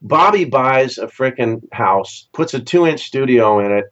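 The audio is dull and lo-fi as a spirited session musician from Southern California, a little slow in pace, tells stories in a casual interview. He acts out other people's words, his pitch jumping high for each quote.

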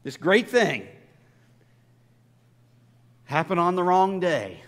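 A man's voice: high-pitched, sing-song, takes it slowly. A male pastor giving a conversational, emphatic sermon full of stories. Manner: conversational, emphatic preaching with storytelling. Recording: long reverb of a large church hall.

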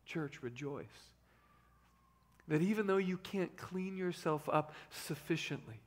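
A man in his thirties preaching a sermon as pastor, swinging between loud emphasis and hushed asides. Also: a little high, lively intonation, slow.

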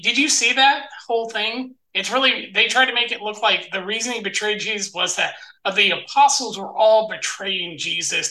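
A man rambling through a story in a casual group discussion, full of restarts and asides. His voice is very bright and forward, and it sits in a roomy, echoing space. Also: high-pitched, far from the mic. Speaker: participant in a Bible study discussion. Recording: roomy echo.

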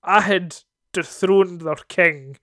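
A young Scottish man on a podcast, telling a lively, sweary story and acting out the voices in it. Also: sits high, slow pace, no echo, clean studio sound. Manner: animated, swearing, acts out voices in his stories. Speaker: podcast co-host. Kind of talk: casual storytelling chat.

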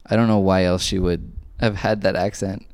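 A man's voice: low-pitched, flat delivery, normal speed, darkish tone, dry recording. A man co-hosting a podcast in casual chat, wry and prone to tangents. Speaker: podcast co-host.

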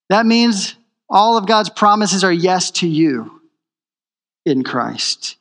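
A man's voice: sits high, sing-song, slow, long pauses, fairly bright tone, in a large hall. A man preaching a sermon in a church, emphatic and repeating his key phrases. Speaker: pastor.

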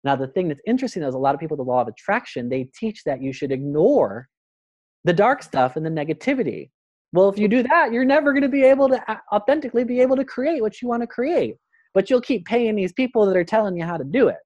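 A man's voice: sits high, quick pace, no room sound, highs cut off. A man, a guest on a spiritual podcast, speaking earnestly and acting out little voices as he makes his points. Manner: earnest, animated, acts out voices in quotes. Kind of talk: spiritual conversation.

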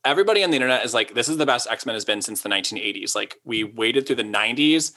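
Bright-voiced young man rambling casually. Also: mid-range voice, expressive. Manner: rambling, lots of "like", quick asides. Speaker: podcast co-host. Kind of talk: casual chat.

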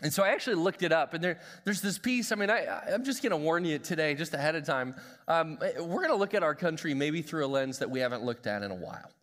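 A man in his thirties, a pastor giving a live sermon in a church with energetic, humorous storytelling. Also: a little high, fast talker. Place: church sanctuary. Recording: reverberant church hall.

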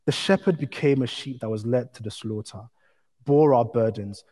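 A male pastor preaching a sermon in a measured, emphatic style that builds through repetition. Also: mid-range voice, warm tone. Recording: long hall reverb.

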